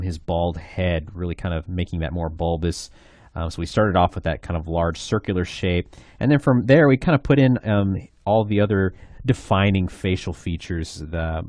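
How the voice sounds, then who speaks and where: Low-voiced man talking through a drawing. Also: darkish tone, no echo, clean studio sound. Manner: easygoing, loose delivery with many "kinda" and "um" fillers. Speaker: art instructor. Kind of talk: drawing tutorial voice-over.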